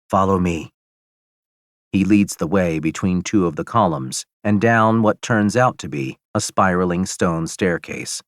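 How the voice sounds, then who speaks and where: A man narrating a first-person audiobook in a steady, measured storytelling manner on a close studio mic. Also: low-pitched, no room sound.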